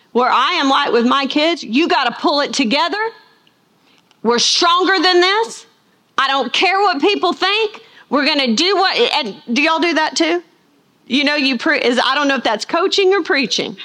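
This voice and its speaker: A middle-aged woman teaching a Bible lesson, telling stories and acting out the people she quotes. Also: high voice. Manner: animated storytelling, acts out quoted voices. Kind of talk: sermon.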